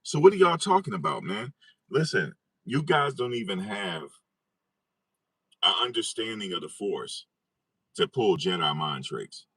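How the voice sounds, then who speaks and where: A man's voice: on the low side, big pitch swings, measured pace, a bit bright, breathy edge, no echo. A man talking in a casual commentary vlog as an online commentator, incredulous and repeating his own phrases.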